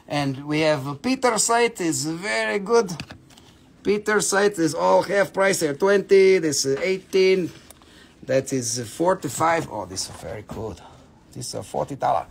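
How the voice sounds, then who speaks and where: A man hosting a live sales stream, running through prices in an excitable, joking way. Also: high-pitched, creaky. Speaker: host selling minerals on a live stream.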